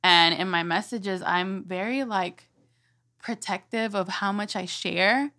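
Animated young woman telling stories. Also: mid-range voice, slow. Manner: animated, quotes herself in lively voices. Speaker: guest, mother and church speaker. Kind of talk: casual personal storytelling.

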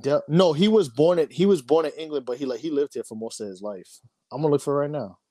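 A man co-hosting a podcast, chatting casually with animated, slangy, joking banter. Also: fairly high pitch, fast talker, no echo. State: tired. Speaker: podcast co-host. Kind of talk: casual chat.

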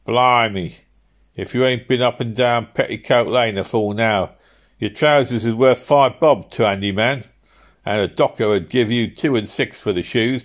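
A man voicing a sly old-clothes dealer who talks in a loud, wheedling way. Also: medium pitch, voice pushed up, lightly acted. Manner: wheedling, mock-admiring, loud.

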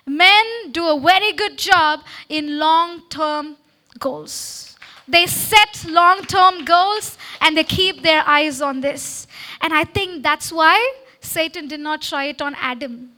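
Woman preaching into a handheld mic, very high voice, bright and forceful, call-and-response exhortation. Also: slow. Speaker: speaker at a church meeting. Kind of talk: sermon-style talk to a congregation. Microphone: handheld microphone.

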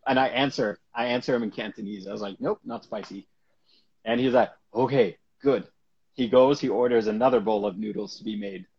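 Husky man telling a lively anecdote. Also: medium pitch, quick pace, few pauses. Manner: animated, laughs often, acts out quoted people. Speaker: actor guest. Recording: dull lo-fi recording.

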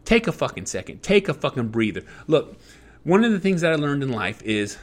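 A man's voice: on the high side, sing-song, fairly quick. A man hosting a podcast, giving blunt life advice in an emphatic, profanity-heavy monologue that circles back on its points. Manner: emphatic, heavy swearing, repetitive. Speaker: podcast host.

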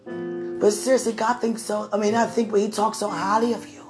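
A woman's voice: mid-range voice, level tone, fairly quick, darkish tone, soft background music. A woman talking to the camera in a casual devotional vlog, rambling and affectionate, often breaking into laughter. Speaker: vlogger.

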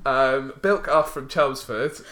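Male podcast host, bright tone, hesitant chatty delivery. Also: medium pitch, takes it slowly, slight background noise. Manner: rambling, hesitant with many fillers. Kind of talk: casual chat.

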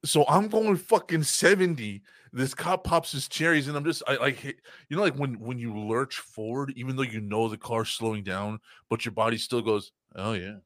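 A man's voice: mid-range voice, moderate pace, hardly any pauses, fairly bright tone, no echo, studio quality. A young man hosting a podcast, telling stories in a rambling, profane casual chat full of fillers. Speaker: podcast host.

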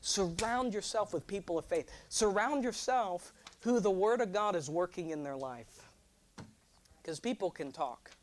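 A young man preaching a sermon, animated and joking, drawing responses from his congregation. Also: sits high, measured pace, a little hiss or hum. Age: 20s. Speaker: pastor.

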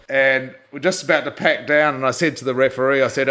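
A man's voice: mid-range voice, fast talker, hardly any pauses. Older New Zealand man telling a story. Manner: lively storyteller who acts out quotes and laughs. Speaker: guest, former rugby captain. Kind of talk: animated anecdote telling.

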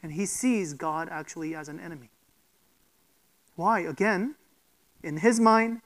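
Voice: mid-range voice, a little slow, pauses often, rough recording. Emphatic preacher asking rhetorical questions. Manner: emphatic, with rhetorical questions and frequent "okay?" check-ins. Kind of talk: sermon.

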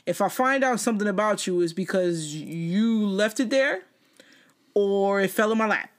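A woman co-hosting a casual talk show, telling stories in an animated way and acting out the people in them, laughing often. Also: medium pitch, moderate pace. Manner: animated storyteller who mimics others and laughs often. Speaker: podcast co-host. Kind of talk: casual banter.

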